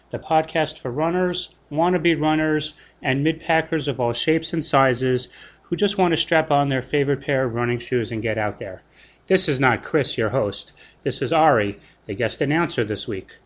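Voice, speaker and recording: A man's voice: a little high, normal speed. A man as guest announcer, reading an upbeat, playfully boastful podcast intro.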